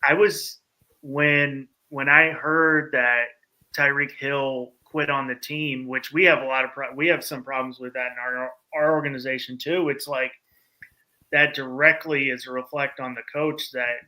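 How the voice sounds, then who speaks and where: Man with a very bright, sharp voice. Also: medium pitch, measured pace, poor audio. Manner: relaxed, loose, hesitant with fillers. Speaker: podcast co-host. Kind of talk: casual sports talk.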